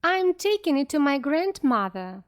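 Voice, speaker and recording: A cheerful, polite little girl, as a woman voices her, high and sing-song for a children's story. Her lines come out lively and friendly. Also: measured pace. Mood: bright.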